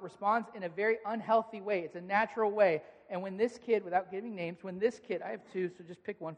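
A man preaching a sermon as pastor, speaking to his listeners in an earnest, direct way. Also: sits high. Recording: long reverb of a large hall.

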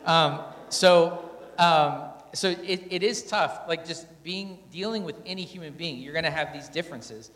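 On stage at a couples talk, a husband tells stories about his marriage to an audience, candid and self-deprecating, often acting out his own words and his wife's. His voice is a little high and fairly bright, and he speaks unhurriedly. Echoey hall reverb fills the recording.

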